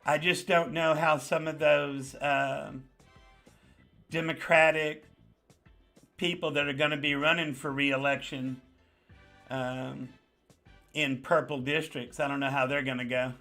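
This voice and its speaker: This is a man with a New York accent hosting a live chat, his voice bright and forceful and sitting a little high. He talks casually, hammers points home by repeating them, and greets viewers one by one. Faint music plays underneath. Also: a little slow, gravelly, long pauses. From the Bronx. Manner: animated, greets viewers by name, emphatic repetition. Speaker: livestream host.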